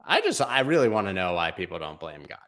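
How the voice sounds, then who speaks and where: A man's voice: deep voice, sing-song, fast, fairly bright tone. A man hosting a casual crypto livestream, chatting in slang, reading viewer comments and talking through price charts. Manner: laid-back, slangy, chatty, reads comments aloud.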